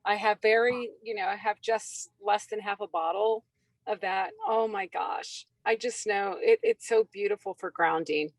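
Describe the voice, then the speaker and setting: A woman co-hosting a casual chat, telling stories in an animated, gushing way. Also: medium pitch, moderate pace, no room sound. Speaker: co-host.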